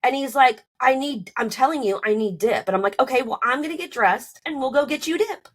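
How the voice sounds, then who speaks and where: This woman's high, lively voice runs a little fast as she recounts her own experience on a podcast in a casual, animated way. "Like" and "you know" come up constantly, and she plays out both sides of each argument with her voice climbing.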